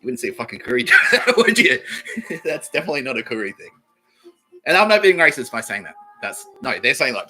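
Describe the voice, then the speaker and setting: A man's voice: medium pitch, sing-song, fast, sharp tone, faint music behind, low-quality recording. A man with an Australian accent hosting a solo comedy podcast, rambling in a profane, boastful way and laughing at his own jokes. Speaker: podcast host.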